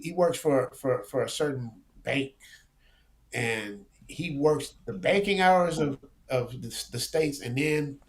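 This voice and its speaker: A man talking as a guest in a casual interview, animated and slangy, often repeating words as he goes. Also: medium pitch. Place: lives abroad, remote interview.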